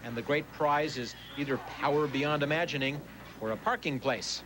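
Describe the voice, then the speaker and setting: A man's voice: on the high side, steady tone, normal speed, background noise. A man giving a sarcastic, joke-filled movie review as a television film critic. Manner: sarcastic, wisecracking.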